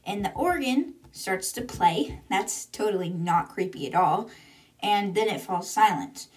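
A woman podcast host chattily recaps a book's chapters, often quoting with "she's like." Her medium-pitched voice has lively intonation and a measured pace. The sound is roomy and echoey, recorded at a distance from the mic.

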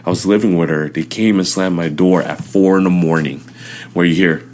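Deep-voiced young man telling his story. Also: fairly quick, very noisy. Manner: animated storytelling, acting out quotes loudly. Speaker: interview guest.

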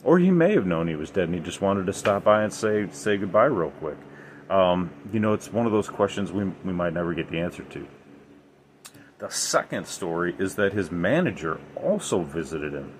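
A man's voice: low-pitched, animated, normal speed, slight background noise. A man hosting a podcast, telling paranormal stories in a rambling, emphatic way with many fillers. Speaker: podcast host. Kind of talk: casual storytelling about the paranormal.

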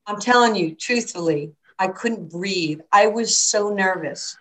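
A woman basketball coach from New York, unhurried and mid-range in voice, recounts anecdotes in an interview, animatedly voicing the people she quotes. The recording is rough.

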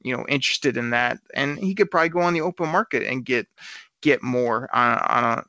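A man hosting a sports talk show, arguing his point quickly and stumbling over repeated words. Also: mid-range voice, pushed and bright, no echo. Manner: argumentative, rapid, trips over repeated words. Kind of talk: casual sports radio chat. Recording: slightly dull lo-fi sound.

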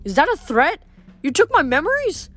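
A woman's voice: very high-pitched, sing-song, normal speed, a bit bright, soft background music, voice pushed up, heavily acted. A woman voicing a confused, defiant teenage boy, speaking urgently and in disbelief. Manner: urgent, incredulous, raised.

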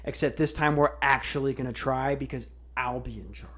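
A man's voice: medium pitch, fairly even intonation, a little fast, fairly bright tone. A man hosting a podcast, ranting in a casual, sarcastic way with lots of swearing and restarts. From United States. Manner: profane, sarcastic, rambling with restarts. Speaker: podcast host. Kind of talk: casual comedic rant.

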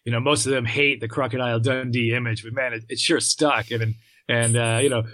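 A man's voice: mid-range voice, steady tone, brisk, bright, forceful tone, no room sound. A man speaking as a guest on a podcast, telling easygoing anecdotes in casual chat.

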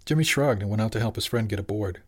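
A man narrating a serialized audiobook in a steady, even storytelling manner. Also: lowish voice, quick pace. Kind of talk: scripted narration.

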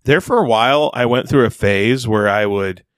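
A man's voice: mid-range voice, moderate pace, no room sound, clean studio sound. A young man co-hosting a podcast in casual, goofy chat, musing and laughing easily. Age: young adult. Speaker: podcast co-host.

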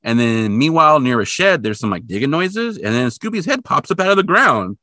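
A man casually recapping a cartoon episode for a podcast, joking and acting out the characters in squeaky voices. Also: brisk, no room sound, studio quality. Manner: animated, jokey, acts out characters in high squeaky voices. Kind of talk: casual chat.

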